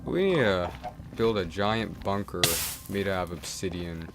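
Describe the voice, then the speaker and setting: A young man with a lowish voice rambles casually while he streams a game. His talk is loose and full of fillers, and he often restarts his sentences. Game music plays clearly underneath him. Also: measured pace.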